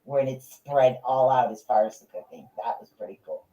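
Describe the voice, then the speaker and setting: A woman's voice: very deep voice, moderate pace, warm tone, roomy sound, muffled recording. A woman chatting as a guest on a video call from her home office, wearing a headset. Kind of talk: casual chat. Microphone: headphones with microphone.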